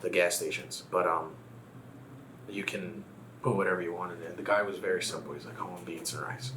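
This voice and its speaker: A low-voiced man from Texas speaks as a guest in a relaxed conversation. His tone is bright and forward, and he talks reflectively as he tells a personal story. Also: brisk, a little hiss or hum. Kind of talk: casual conversation.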